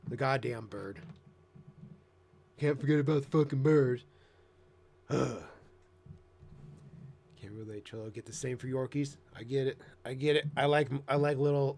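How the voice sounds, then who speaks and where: A man chatting casually on a live stream, rambling and swearing, now and then jumping into excited high voices. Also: vocal fry. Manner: profane, rambling, bursts into excited squeaky voices mimicking himself. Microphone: headset.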